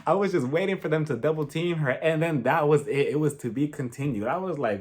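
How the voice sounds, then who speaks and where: A man giving a casual, gossipy recap of a reality show, dramatic and animated, laughing often. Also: a little high, fairly quick, hardly any pauses. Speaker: reality TV reviewer.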